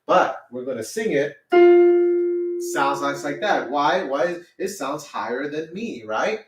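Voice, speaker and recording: Patient male music teacher, lively and slow. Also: distant mic. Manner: patient, repeats "okay?" after each point; sings solfege syllables in a high voice. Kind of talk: children's music lesson. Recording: roomy sound, a little off-mic.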